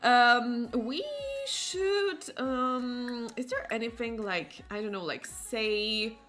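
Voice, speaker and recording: A woman's voice: on the high side, slow, fairly bright tone, faint music behind. A woman hosting a Let's Play, chatting casually and giggling while greeting viewers. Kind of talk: casual gameplay chat.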